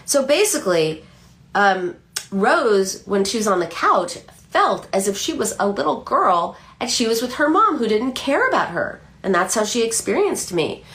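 Animated woman psychoanalyst telling a story. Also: medium pitch, normal speed. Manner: animated storytelling with frequent restarts. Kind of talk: explanatory talk.

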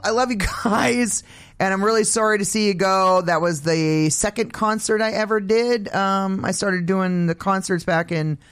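Man from Maine, middle-aged, high-pitched, profane, rambling, casual host. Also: a bit bright. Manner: profane, rambling, laughs often. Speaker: host and concert promoter. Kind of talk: casual chat.

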